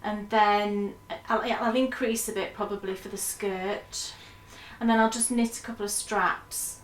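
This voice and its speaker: A woman's voice: mid-range voice, reverberant. A woman co-hosting a knitting podcast, chatting enthusiastically and rambling about her projects. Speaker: podcast co-host. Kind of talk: casual knitting podcast chat.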